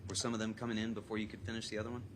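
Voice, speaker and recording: A man working as a trial attorney, reading exhibits aloud in a measured way and then pressing a witness with short questions in a courtroom. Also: on the low side, level tone. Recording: noisy courtroom audio.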